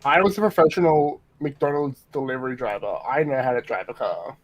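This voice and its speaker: An Australian man at a middle pitch, talking casually on a stream. He is playful and laughs easily, often at his own expense. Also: brisk, dull audio. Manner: playful, laughing, self-mocking. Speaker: guest on a stream. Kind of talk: casual chat.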